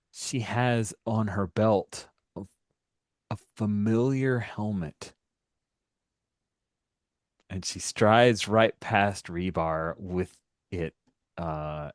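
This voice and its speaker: A man narrating as game master of a tabletop game, voicing characters and pausing with fillers. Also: sits low, no room sound, studio quality. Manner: voices many characters, hesitant fillers.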